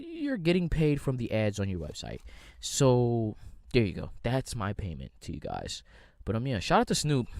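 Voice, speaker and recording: A young American man hosts a solo podcast rant, speaking in a lowish voice with a darkish tone. The sound is clean studio audio with no room sound, and his delivery is casual, rambling, slangy, and full of swearing.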